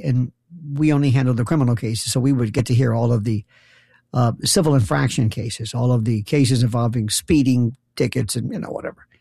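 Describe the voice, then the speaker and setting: A man's voice: mid-range voice, creaky, a little mellow, breathy edge, dry recording. A man, a former prosecutor, delivering a rambling, sarcastic comic monologue full of incredulous rhetorical questions. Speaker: talk show host, former prosecutor. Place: New York.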